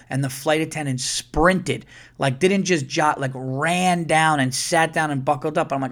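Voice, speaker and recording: With a slightly high voice at a normal speed, a podcast host narrates a story as a casual monologue. He acts out others' lines, swears freely, and repeats words when he gets excited.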